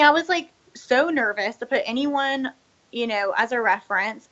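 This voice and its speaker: A young woman in her twenties, once a business owner, tells her story in a candid interview, rambling with plenty of "like" and "you know" and acting out what people said. Her voice is on the high side, pushed and bright, and the audio sounds dull.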